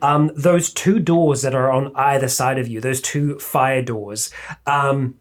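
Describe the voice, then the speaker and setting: A man's voice: medium pitch, fairly even intonation, takes it slowly. A man, narrating a tabletop game as game master in a rambling way, full of fillers and swearing.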